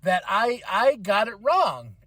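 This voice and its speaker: Man, podcast host, excitable chatty talk, high voice, dry close mic. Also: takes it slowly, no room sound. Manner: hyped, rambling, chatty with many fillers. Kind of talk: casual wrestling review podcast.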